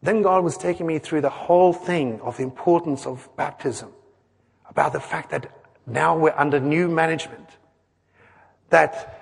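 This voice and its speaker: Earnest man preaching in a reverberant hall. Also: sits high. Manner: earnest, conversational, with acted-out quotes and questions to the crowd. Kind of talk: sermon.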